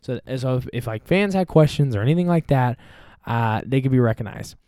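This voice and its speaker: A man's voice: mid-range voice, expressive, a little fast, dark tone, no room sound, clean studio sound. A man hosting a podcast, talking on his own in a chatty, playful way and joking about himself. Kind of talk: casual solo talk.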